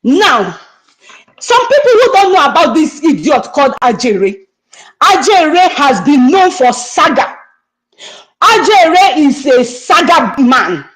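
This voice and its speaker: A woman's voice: high-pitched, rough recording. A middle-aged woman with a Nigerian accent, angrily scolding someone during a livestream and repeating herself. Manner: angry, scolding, repetitive. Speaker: online activist speaker. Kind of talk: heated livestream rant.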